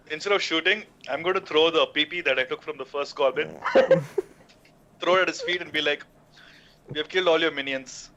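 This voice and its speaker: A man's voice: fairly high pitch, a little slow, pauses often. A man with an Indian English accent playing a tabletop game, laid-back in manner. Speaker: player. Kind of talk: casual tabletop play. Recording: dull mic with clear hiss.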